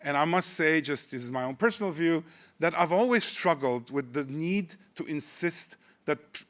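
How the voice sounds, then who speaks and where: A man's voice: on the high side, moderate pace, fairly bright tone. A man in his sixties delivers a conference keynote in a loose, conversational way. He is dryly humorous and often doubles back on his words as he builds his points. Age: 60s. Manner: conversational, wry, with frequent restarts. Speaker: keynote speaker.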